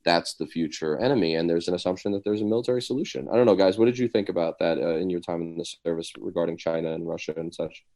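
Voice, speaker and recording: A man's voice: low voice, fast, few pauses, warm tone. A man in his forties, a podcast co-host and Army veteran, talking things through in a casual discussion, with lots of "like" and "um". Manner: thoughtful, many fillers like "like" and "um".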